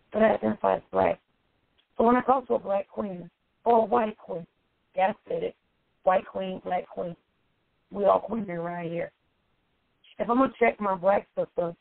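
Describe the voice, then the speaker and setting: A woman life coach with a medium-pitched, gravelly voice delivers a preachy, emphatic self-help monologue, repeating her points for effect. The sound is dry and tinny, like a phone, with no room sound.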